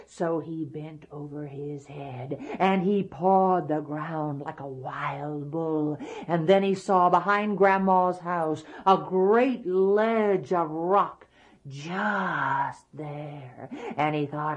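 A woman tells a folk tale in a dramatic, folksy manner, sometimes dropping to a whisper. Her voice is husky and lowish. She takes it very slowly. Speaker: storyteller.

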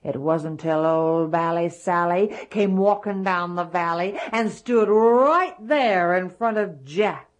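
Slow, lively woman storyteller. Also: on the low side. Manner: animated, dropping to hushed asides. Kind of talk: folktale storytelling.

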